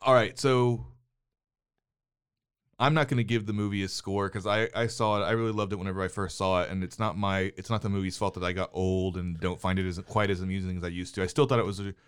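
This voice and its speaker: A middle-aged man co-hosts a relaxed movie podcast, playing the wry, mock-exasperated father. His voice sits on the low side and comes across smooth and resonant. The booth sound is dry and close, with no room echo. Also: fast. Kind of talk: casual movie chat. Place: studio booth.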